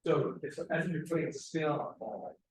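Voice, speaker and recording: A man coaching a martial arts seminar, giving quick praise and short corrections to students. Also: a little high, slight background noise. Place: martial arts school, indoors. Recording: echoey training hall.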